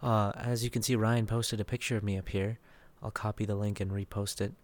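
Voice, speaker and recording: A man's voice: on the low side, little pitch movement, brisk. Chatty young man hosting a voice chat. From Dallas, Texas. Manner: chatty, reads and answers listener messages. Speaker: voice chat host. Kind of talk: casual live chat.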